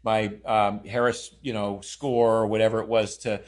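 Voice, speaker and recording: A man's voice: fairly low pitch, level tone, normal speed. A man talking on a podcast as a guest and co-author of a diet book, emphatic and enthusiastic, stacking long lists with restarts and fillers. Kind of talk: casual podcast conversation.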